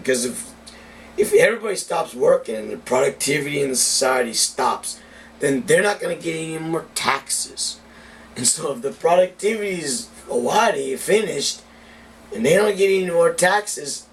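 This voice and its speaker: A man's voice: a little high, a bit bright. Profane, ranting man on a distant mic. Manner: profane, heated political rant. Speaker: cigar reviewer. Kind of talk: casual ranting vlog monologue. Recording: distant mic with faint background noise.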